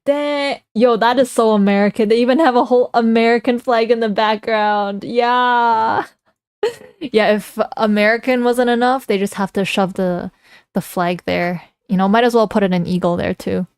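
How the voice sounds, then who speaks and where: A woman's voice: a little high, steady tone, normal speed, a little mellow, smooth, no echo. Playful woman streamer, dry sound. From Canada. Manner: playful, teasing, laughs often while reading chat. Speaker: livestreamer. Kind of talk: casual livestream chat.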